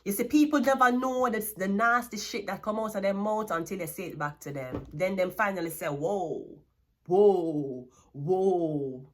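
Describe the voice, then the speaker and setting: A woman's voice: mid-range voice, fairly quick, hardly any pauses. Blunt Jamaican woman scolding. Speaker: tarot card reader. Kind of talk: tarot reading rant.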